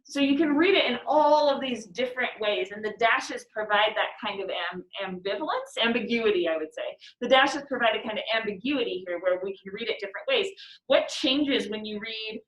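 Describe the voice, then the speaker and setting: A woman's voice: a little high, normal speed, reverberant, highs cut off. A woman teacher leading a class discussion of a poem, chatty and laughing easily, reading lines aloud.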